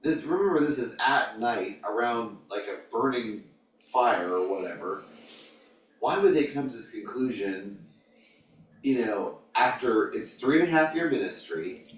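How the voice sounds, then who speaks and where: Man leading a church study group, animated questioner, distant mic in an echoey room. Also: mid-range voice. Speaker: Bible class leader. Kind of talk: group Bible discussion. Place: church classroom.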